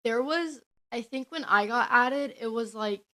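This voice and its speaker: Chatty young woman, high voice. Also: a little slow, a bit bright. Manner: chatty, rambling with many "like"s. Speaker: podcast host. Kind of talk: casual storytelling.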